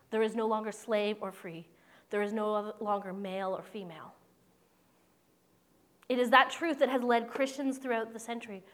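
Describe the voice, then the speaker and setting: A woman pastor preaching a sermon in an earnest, conversational way with playful asides. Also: mid-range voice.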